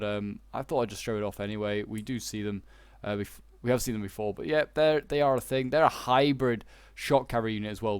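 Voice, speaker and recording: A man's voice: mid-range voice, clean tone, no room sound. A young man with a Yorkshire accent giving casual, rambling gameplay commentary, full of fillers and restarts. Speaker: gaming YouTuber.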